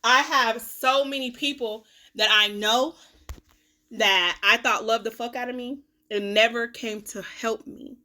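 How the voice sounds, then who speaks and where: A young woman, venting bluntly and with profanity in a candid vlog, her voice swinging from loud to a low mutter, with a cough now and then. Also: fairly even intonation, a little slow. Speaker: vlogger, self-styled life coach. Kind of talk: candid talking-to-camera vlog.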